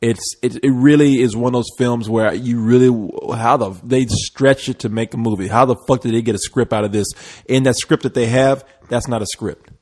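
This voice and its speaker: A man's voice: mid-range voice, fairly even intonation, moderate pace, darkish tone. A man co-hosting a casual podcast, talking bluntly and swearing freely. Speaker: podcast co-host. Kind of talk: casual chat.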